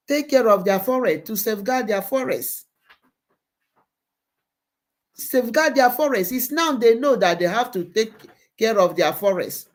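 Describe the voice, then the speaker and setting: A woman hosting a live online show, giving impassioned commentary and repeating phrases for emphasis. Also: medium pitch.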